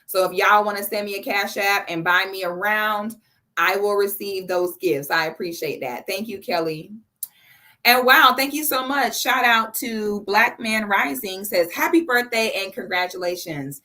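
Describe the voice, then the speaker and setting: A woman's voice: medium pitch, normal speed, bright, forceful tone. A woman in her thirties hosting a casual live stream, effusive and chatty, reading out viewers' messages and thanking them by name. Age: 30s.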